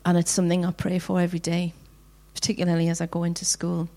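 A middle-aged woman giving a heartfelt devotional talk to women, slowing down to read scripture passages earnestly. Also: lowish voice, completely flat delivery, mellow. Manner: heartfelt, earnest, slows down for readings. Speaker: women's ministry speaker.

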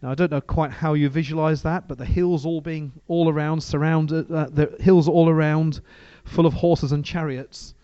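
A man's voice: a little high, fairly even intonation, normal speed, few pauses, dark tone, clear, resonant tone, no echo, lo-fi sound. A man preaching a sermon and reading from the Bible, talking in a conversational way with frequent restarts.

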